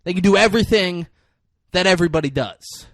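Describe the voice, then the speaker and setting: A man's voice: high-pitched, fairly quick, a bit bright, dry recording. Crude joking young man, dry close mic. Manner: crude, joking, acts out movie lines in mock voices. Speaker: podcast co-host. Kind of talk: casual chat recapping a movie.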